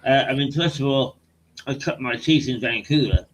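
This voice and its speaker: An older man from the English Midlands hosts an online talk show, telling rambling, hesitant stories from his broadcasting days in a conversational interview. His medium-pitched voice moves at normal speed over a video call with background noise.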